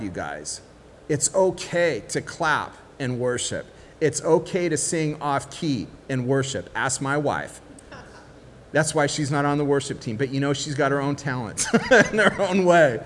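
A man preaching a sermon as pastor, lively and conversational, acting out little voices of the people in his story. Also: on the high side, unhurried. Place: church hall. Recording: long hall reverb, faint background noise.

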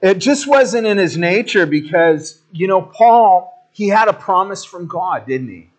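Pastor, male, slightly higher voice, casual animated storyteller in the pulpit. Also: unhurried. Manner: conversational, animated storytelling with jokey asides. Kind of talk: sermon.

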